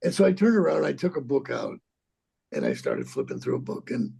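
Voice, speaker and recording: An actor in his sixties telling a rambling, profane story in an interview, halting and repeating himself. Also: mid-range voice, wildly swooping pitch, mellow. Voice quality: gravelly, husky.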